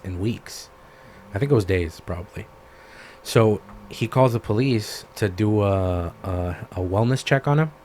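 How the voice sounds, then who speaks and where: A man co-hosting a podcast, retelling a story in casual chat, animated and swearing freely. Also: on the low side, slight background noise. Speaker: podcast co-host.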